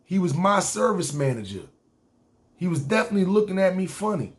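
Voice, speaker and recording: A man with a New York accent telling his own story casually on a podcast, slangy and animated. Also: high-pitched, fairly quick. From New York City.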